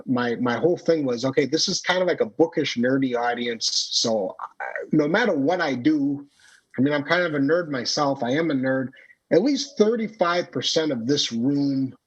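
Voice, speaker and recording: Husky, rambling man on a podcast. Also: mid-range voice, lively intonation, normal speed. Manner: rambling, many fillers and restarts. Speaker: storyteller and comedian, podcast guest. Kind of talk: casual conversational interview. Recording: dull lo-fi podcast audio.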